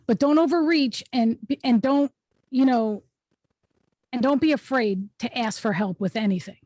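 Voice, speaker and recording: High-voiced woman coaching over video. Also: normal speed, a little mellow, dry recording. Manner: emphatic, instructive, checks in with "okay?". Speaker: host and speaking coach. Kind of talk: online workshop teaching. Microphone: video call.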